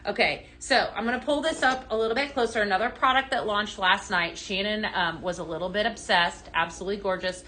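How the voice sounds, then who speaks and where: A woman's voice: medium pitch, brisk, few pauses, sharp tone, a little hiss or hum. A woman hosting a live sales demo who chats with viewers and reads out their comments. She talks with lots of enthusiasm and plenty of "um"s. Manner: enthusiastic with fillers and restarts. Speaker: host of a live home-fragrance sales show. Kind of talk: casual live-stream product demo.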